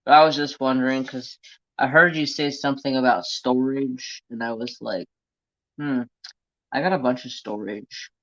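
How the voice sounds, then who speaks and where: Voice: medium pitch, steady tone, normal speed, a bit bright, dry recording. A crafting live-streamer chatting casually and rambling to viewers and a pet at home. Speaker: crafting livestream host. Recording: dull lo-fi home stream audio.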